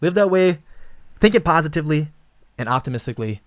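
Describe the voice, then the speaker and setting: A man hosting a podcast, talking in a quick, tumbling rush with a slightly high voice. He rambles earnestly and swears freely. The sound is close and dry, with no room around it. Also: lively intonation, dry recording. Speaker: podcast host. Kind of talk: casual podcast chat.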